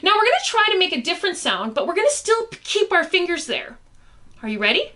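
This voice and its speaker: A woman's voice: extremely high pitch, big pitch swings, fast, pushed and bright. A young adult woman teaching a science lesson for children in a playful, encouraging way, often asking the viewer questions. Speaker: science educator.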